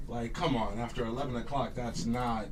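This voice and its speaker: A man in his thirties from Los Angeles doing a stand-up set, swinging between loud laughing shouts and low mutters. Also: fairly even intonation, moderate pace, recorded from a distance, noisy background. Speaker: stand-up comedian. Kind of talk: stand-up routine before a live audience. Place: garage studio with live audience. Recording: voice from off-mic with audience laughter. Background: audience laughing.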